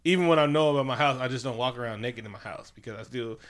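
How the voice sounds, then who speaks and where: A fast-talking man with a medium-pitched voice co-hosts a casual movie review podcast. He's profane and joking, acting out scenes in silly voices.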